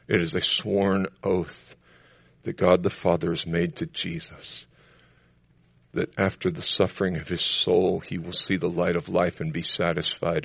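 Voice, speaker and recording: A man preaching a sermon to a congregation, building to loud, emphatic declarations between calmer teaching passages. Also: low voice, gravelly, dry recording, lo-fi sound. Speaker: pastor.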